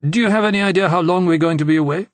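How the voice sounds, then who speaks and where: Storybook: deadpan laconic young man, voiced by a man, a little higher than usual. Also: racing, dry recording, natural voice. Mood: dry. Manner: dry and deadpan.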